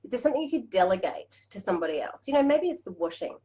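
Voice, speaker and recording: A woman's voice: on the high side, big pitch swings, rapid-fire, warm tone. Bubbly Australian woman coach, lo-fi. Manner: bubbly, chatty, laughs often. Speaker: life coach host. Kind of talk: live-stream coaching chat.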